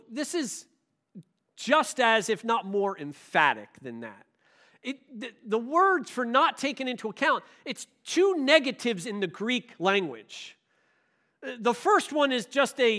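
A male preacher with a strikingly high, bright voice. He delivers his sermon in an animated storytelling way, swinging between loud emphasis and quiet, hushed asides. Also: a little slow. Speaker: pastor.

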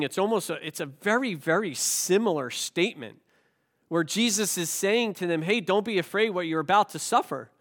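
A man's voice: fairly high pitch, fairly bright tone. A male pastor with a cold, preaching a sermon with rhetorical questions and self-deprecating jokes. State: has a cold.

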